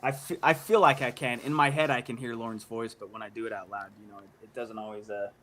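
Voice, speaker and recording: A man's voice: medium pitch, steady tone, fast talker, fairly bright tone. A male guest chatting casually on a stream, in a laid-back, rambling way. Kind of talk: casual commentary chat.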